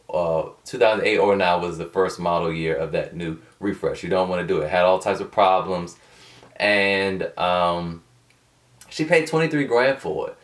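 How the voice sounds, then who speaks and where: Low-voiced man rambling through a vlog. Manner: rambling, colloquial, digressive. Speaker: vlogger. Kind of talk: casual unscripted vlog. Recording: distant from the mic.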